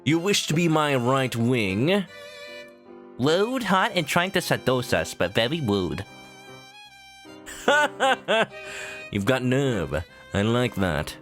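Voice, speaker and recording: A man's voice: medium pitch, wildly swooping pitch, slow, long pauses, a bit bright, faint music behind, heavily acted. Sakuya, a man voicing a haughty noble bird. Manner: haughty, condescending. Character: pompous aristocratic male pigeon student council president. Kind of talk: reading game dialogue aloud.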